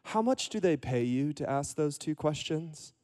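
A man voicing a calm, thoughtful old male rabbi who speaks slowly, quietly and wryly. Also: mid-range voice, voice pushed down, lightly acted.

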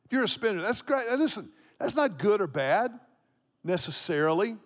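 Fifties male pastor from Texas, slightly high voice, storytelling sermon with repeated punchlines. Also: sing-song, normal speed. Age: 50s. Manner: storytelling preacher, repeats key phrases for emphasis. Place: church auditorium with congregation.

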